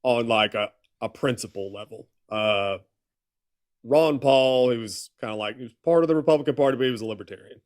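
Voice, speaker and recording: A man co-hosting a casual politics livestream, explaining things in a halting way with many fillers. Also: medium pitch. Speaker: livestream co-host.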